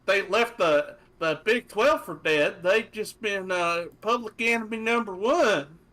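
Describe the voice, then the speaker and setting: A man's voice: sits high, unhurried, bright, forceful tone. A man in casual chat making dry, sarcastic jokes and swearing.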